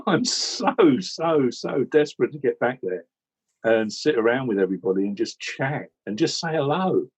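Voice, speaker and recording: A man from England telling a rambling, animated story about joining a cricket commentary team, in casual chat with many restarts. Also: medium pitch, normal speed, husky, rough recording. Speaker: regular commentator recalling how he joined.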